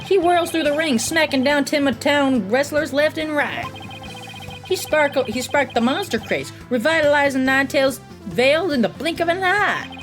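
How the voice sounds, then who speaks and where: A woman's voice: high-pitched, lively intonation, normal speed, pitched above the performer's own voice. A woman voicing a fussy male thief with a put-on Southern drawl, folksy and overdramatic, over game music. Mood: boastful. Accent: American Southern (put on).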